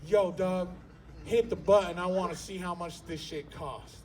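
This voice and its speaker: A man voicing a laid-back, slangy male street dealer who talks in a low drawl. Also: moderate pace, distant mic, lightly acted. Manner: drawling, calls everyone player.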